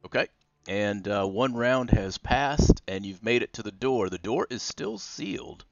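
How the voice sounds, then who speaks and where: A man's voice: lowish voice, lively intonation, a little slow, no echo, lo-fi sound, faint music behind. A man narrating as game master of a tabletop game, drawling with many fillers.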